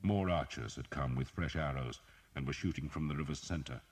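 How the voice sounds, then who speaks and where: A man reading an audiobook as narrator, in a measured, dramatic storytelling manner. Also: a bass voice. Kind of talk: scripted narration.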